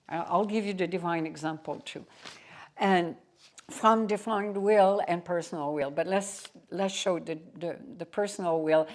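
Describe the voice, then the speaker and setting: Slow-spoken woman spiritual teacher. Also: on the low side. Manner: slow, storytelling teaching with emphatic asides. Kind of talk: devotional satsang talk.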